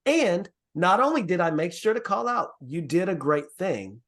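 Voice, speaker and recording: A man who grew up in the Caribbean, leading an online workshop over a video call in an earnest, encouraging way. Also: moderate pace. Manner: earnest, encouraging, lively pitch swings. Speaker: workshop presenter.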